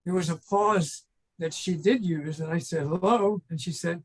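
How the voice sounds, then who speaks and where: A man's voice: high-pitched, moderate pace, breathy edge, rough recording. An older man, a trainer and consultant, guesting on an interview and telling rambling stories that act out phone calls. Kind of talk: casual storytelling in an interview.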